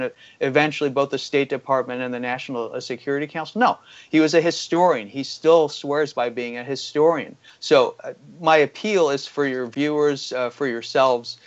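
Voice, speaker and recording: On a muffled recording, a medium-pitched man appears as an interview guest offering critical economic commentary. He argues his points and leans on frequent fillers.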